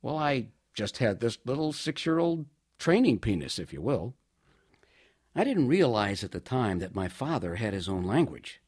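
Husky man telling a comic story. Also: medium pitch, moderate pace. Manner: animated, wry, mock-grand storytelling. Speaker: monologue performer.

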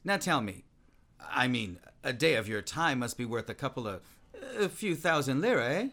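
An actor in a stage play portrays a restless, voluble man-about-town who is nervous and self-mocking. His mid-range voice moves at a moderate pace, excitable and talkative, with frequent restarts.

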